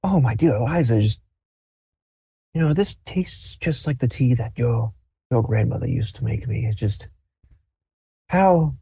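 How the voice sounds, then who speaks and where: A man voicing a polite, hard-of-hearing old grandfather who talks in a halting, wistful way. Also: medium pitch, expressive, mellow, breathy edge, no room sound, exaggerated voice. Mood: fond. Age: older. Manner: halting, wistful, mildly fussy.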